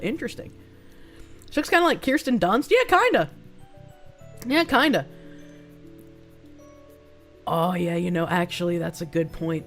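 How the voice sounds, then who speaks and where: A young woman streaming a guessing game, thinking aloud, laughing often and swearing freely. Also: on the low side. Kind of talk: casual live-stream commentary while playing a guessing game. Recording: faint music behind the voice.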